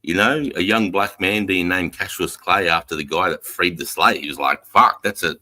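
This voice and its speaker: Australian man, very deep voice, bright forceful tone, sweary laughing banter, casual reaction stream. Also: normal speed, no echo. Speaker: streamer host.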